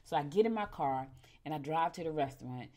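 A middle-aged woman hosting a morning show. She tells stories casually, often calls her listeners "y'all," and her voice jumps suddenly in pitch and loudness. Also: expressive, a little fast. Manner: chatty, addresses listeners as "y'all". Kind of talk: casual storytelling and horoscope reading.

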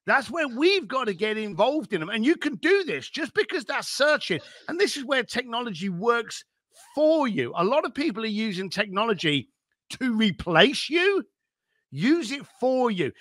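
A man being interviewed as an entrepreneur, giving blunt, energetic business advice and swearing casually. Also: very high voice, normal speed, dry recording, clean studio sound. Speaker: entrepreneur guest.

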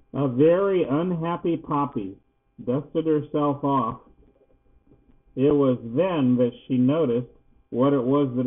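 An older man, a grandfather, reading a children's book aloud in a gentle, unhurried way. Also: medium pitch. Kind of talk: storybook read-aloud. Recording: tinny phone-like sound.

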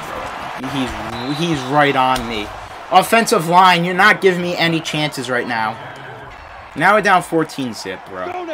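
A young gaming creator talks over his football game in a fairly high voice that leaps around wildly. He rants in frustration, dropping to grumbles and then bursting into shouts. A steady hiss of noise sits under the recording. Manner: frustrated ranting at the game, swinging between mutters and shouts. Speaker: gaming YouTuber. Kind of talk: live gameplay commentary.

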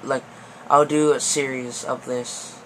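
A young man giving excitable, panicky commentary over a fighting game, pleading and yelling at it. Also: medium pitch, slow. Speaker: gaming video host. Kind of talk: gameplay commentary. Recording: noisy background.

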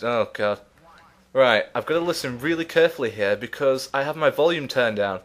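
A man's voice: medium pitch, normal speed. Breathless, chatty man. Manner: chatty, self-mocking, laughs often. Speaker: let's play host. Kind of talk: casual gameplay commentary.

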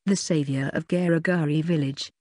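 A synthetic narrator voicing an eccentric, boastful man from a village, speaking slowly and fervently. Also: mid-range voice, steady tone, a little mellow, no echo, clean studio sound, natural voice. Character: eccentric village chief's son, male, boastful zealot.

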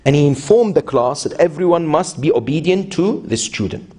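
A man's voice: on the high side, animated, moderate pace, a little mellow, husky. A man giving a sermon as a sheikh, telling stories with voiced quotes and asking the audience rhetorical questions. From Iran. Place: mosque hall.

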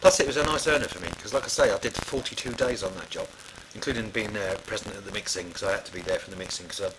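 A middle-aged man with a fairly low voice talks fast, telling casual, meandering studio anecdotes riddled with fillers and restarts, over background noise.

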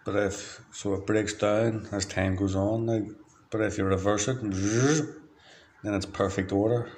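A man from Ireland delivering a rambling, free-associating monologue in a flat, matter-of-fact way, drifting from one word to the next. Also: on the low side, moderate pace, a little hiss or hum. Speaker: diarist.

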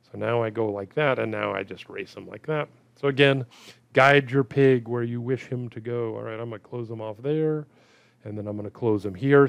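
Gravelly man thinking aloud over a game. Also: mid-range voice, dry recording, lo-fi sound. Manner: thinks aloud, mutters at the game, self-deprecating. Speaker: game commentator. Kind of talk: casual gameplay commentary.

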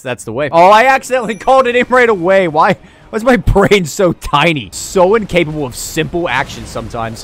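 A young man commentating his own boss fight in a video game, excitable and quick to yell and laugh. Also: a little high, a little hiss or hum. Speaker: gaming YouTuber. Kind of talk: let's play commentary.

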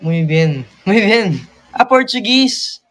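A man's voice: sits high, animated, slow pace, a bit bright. A young man with a Filipino accent, chatting playfully from home on a live stream and giggling often. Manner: playful, giggly, mixes languages. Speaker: livestream host. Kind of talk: casual live chat.

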